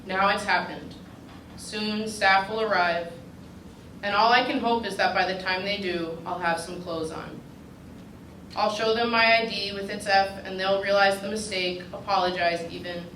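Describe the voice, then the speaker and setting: A woman's voice: mid-range voice, steady tone, normal speed, fairly bright tone. Woman reading a wry personal essay, roomy and distant. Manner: dry, wry delivery that draws audience laughter. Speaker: fellow reading her own essay. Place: reading at a writers' retreat with a live audience. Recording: roomy, distant mic with background noise.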